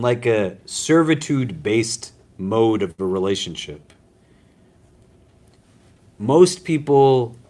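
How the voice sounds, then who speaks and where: A man's voice: medium pitch, darkish tone. A man teaching a casual religious class as an imam, talking conversationally with self-deprecating humor and often asking "right?" and "does that make sense?". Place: lecture room at a university Islamic center.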